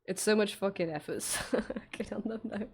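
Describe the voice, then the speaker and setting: A woman's voice: mid-range voice, moderate pace, darkish tone, slightly rough. A young woman streaming while she draws, chatting casually, giggling, swearing freely and answering her chat.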